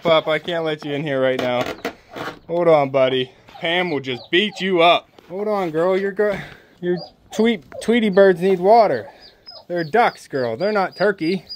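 A man doing casual vlog narration during farm chores, talking softly and fondly to his animals in a barn. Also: on the high side, a little slow, slight background noise. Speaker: homesteader. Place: barn and animal pen, indoors. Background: chickens clucking.

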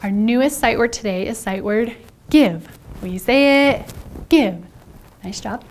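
A woman teaching first graders sight words, animated and spelling out letters one at a time. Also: fairly high pitch, unhurried. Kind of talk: sight word lesson for children.

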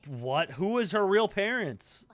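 A man's voice: high-pitched, big pitch swings, unhurried. A young man hosting an anime reaction, blurting questions, swearing at the screen and cooing over cute moments. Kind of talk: live anime reaction commentary.

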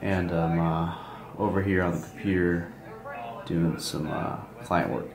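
A man's voice: low-pitched, fairly even intonation, unhurried, crowd noise. A young man narrating his day to the camera in an upbeat, casual way. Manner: upbeat, talks straight to the camera. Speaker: vlogger.

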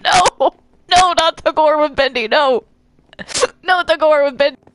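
A woman's voice: fairly high pitch, moderate pace, a bit bright, slight background noise, natural voice. A woman voicing a jittery cartoon ink demon boy who keeps pleading and protesting with nervous laughter. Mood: panicked. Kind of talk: Minecraft role-play voice acting.

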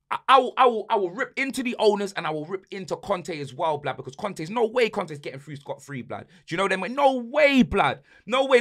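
A young man with a London accent rants about football on a podcast, swinging from loud outbursts to low muttering. His voice sits high and sounds bright and tense. He tacks slang tags onto nearly every sentence. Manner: repeats slang tags like blood and fam, swings from shouting to muttering. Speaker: podcast host. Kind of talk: heated football rant.

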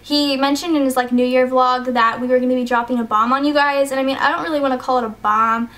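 A woman's voice: high-pitched, steady tone, quick pace, a bit bright. A teenage girl chatting in a casual vlog, rambling and hesitant with many fillers, choked up and sniffly. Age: teens. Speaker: YouTuber.

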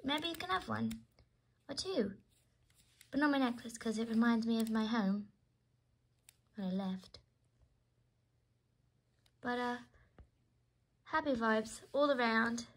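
A woman's voice: a little high, slow pace, long pauses. A woman doing casual role-play dialogue, voicing every character herself and switching between voices in a chatty way.

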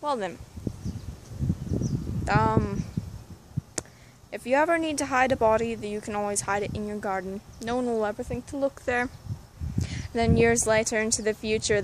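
A woman giving a casual, sarcastic garden tour outdoors in her backyard, with deadpan asides. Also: medium pitch, normal speed, long pauses, noisy background. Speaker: vlogger. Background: neighbor's dog barking.

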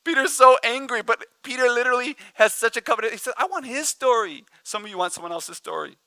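A pastor preaching a sermon, telling stories with humor and acting out the people in them. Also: male voice, very high voice, fast, clear, resonant tone, no echo. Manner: animated, jokey storytelling with laughs and acted-out quotes. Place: church.

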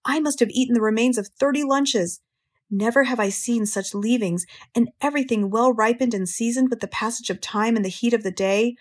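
A woman voicing a gluttonous, boastful male rat in an audiobook, in a husky, hoarse voice, snarling and gloating. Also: fairly high pitch, fairly quick, natural voice. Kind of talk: audiobook character reading.

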